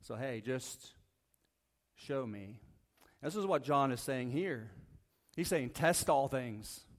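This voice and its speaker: A man's voice: medium pitch, animated, takes it slowly, pauses often. A man preaching a conversational sermon as a pastor, reading Bible verses, often checking in with the congregation and joking lightly. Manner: casual, asks the congregation "right?" often, jokes lightly. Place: church sanctuary.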